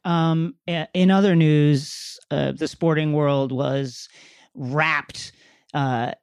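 A man hosting an interview, asking wry, measured questions with some fillers. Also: fairly high pitch, steady tone, smooth, dry recording, studio quality. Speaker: host.

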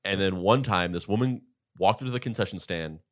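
Deep-voiced man telling rambling stories. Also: fairly quick. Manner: rambling, animated retelling with many fillers. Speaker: podcast host. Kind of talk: casual storytelling chat.

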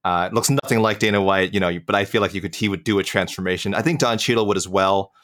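Man, lowish voice, podcast co-host, halting casual chat. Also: steady tone, fairly bright tone. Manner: halting, many fillers and restarts.

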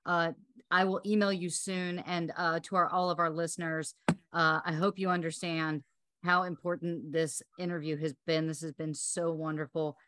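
A woman co-hosting a podcast speaks in a low register, close and dry with no room sound. She is effusive, quick to laugh, and keeps thanking the guest. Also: little pitch movement, dry recording. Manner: warm, effusive, laughs often. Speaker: podcast co-host. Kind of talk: casual interview chat.

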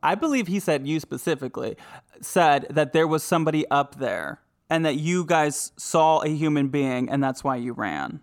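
Man host, curious interviewer, somewhat high voice. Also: expressive, normal speed. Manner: curious, prompts with short questions. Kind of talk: casual interview.

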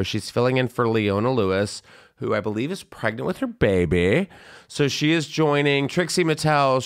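Male podcast host, animated gossip, smooth resonant tone. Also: fairly low pitch. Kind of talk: casual chat.

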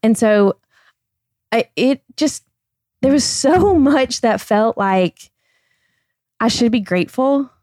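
A woman's voice: fairly high pitch, lively intonation, slow, pauses often, darkish tone, no echo, clean studio sound. A woman in her thirties who talks earnestly in a candid personal conversation as a podcast guest, often saying "like" and "I feel like.".

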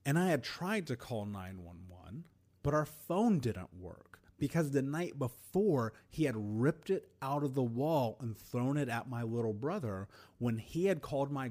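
A man hosting a podcast and telling a personal story in an earnest, emotional way, with deliberate pauses. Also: mid-range voice, darkish tone. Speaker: podcast host.

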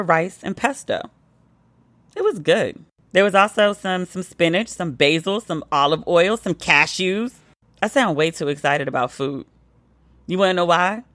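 Tipsy woman podcast host, animated storytelling. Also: fairly low pitch, no room sound. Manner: animated, playful, mimics friends' voices. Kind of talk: casual storytelling monologue.

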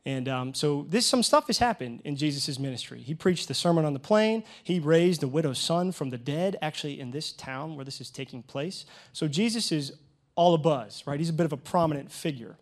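Male pastor, sermon, storytelling, jokey asides, fairly high voice. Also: fairly quick. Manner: lively storytelling with humor and asides to the congregation.

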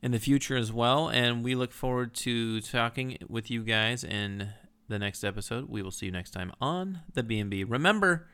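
A man's voice: medium pitch, moderate pace, hardly any pauses, sharp tone, clean tone. A man co-hosting a casual podcast chat, teasing his partner with dry humor. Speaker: podcast co-host.

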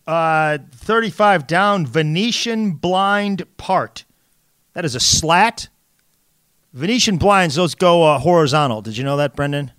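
A man co-hosts a word podcast in relaxed chat. His voice sits fairly high, and he teases his partner in a dry, joking way. The sound is close and dead, with no room. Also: measured pace, clean tone, no room sound. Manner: dry, teasing, grades jokes. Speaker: podcast co-host. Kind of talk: casual chat.

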